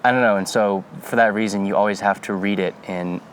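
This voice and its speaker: Give me a man with a lowish voice riffing animatedly on a podcast. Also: a little fast, a little hiss or hum. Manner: animated, joking, lots of fillers. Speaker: podcast co-host. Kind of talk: casual chat.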